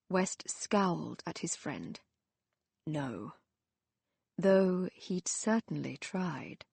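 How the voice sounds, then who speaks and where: Breathy, unhurried woman narrating a novel. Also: fairly low pitch, animated, a little mellow, no echo. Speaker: audiobook narrator. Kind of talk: scripted audiobook narration.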